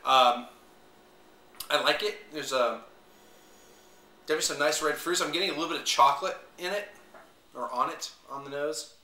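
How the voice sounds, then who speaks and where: A man's voice: a little high, moderate pace, long pauses, sharp tone, distant mic. A man giving a casual wine review on video, rambling with plenty of fillers and trying out different pronunciations. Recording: echoey room, voice away from mic.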